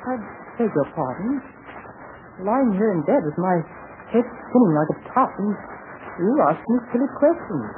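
A man's voice: high-pitched, big pitch swings, normal speed, phone-quality sound. Actor doing a teasing guy faking a british accent, bouncy voice, crackly old radio. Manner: playful, teasing. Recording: scratchy 1940s radio broadcast.

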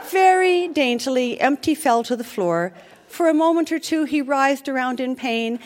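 Woman host, live comic read-aloud on stage, high and animated, mock-solemn delivery. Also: moderate pace, a crowd in the background, noisy background. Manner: theatrical, mock-solemn storytelling. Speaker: podcast host reading aloud. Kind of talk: live comic dramatic reading. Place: theatre stage, live show.

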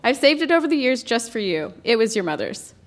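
A woman's voice: a little high, big pitch swings, a little fast. A woman reading as a cheerful grandma witch. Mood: storytelling. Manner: read aloud from a childhood story.

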